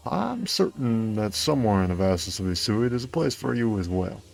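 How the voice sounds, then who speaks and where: A man's voice: lowish voice, big pitch swings, moderate pace, gravelly, soft background music. A man putting on a drawling game clan member. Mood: earnest. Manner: put-on drawl sliding between cowboy and Australian. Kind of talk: reading game dialogue aloud.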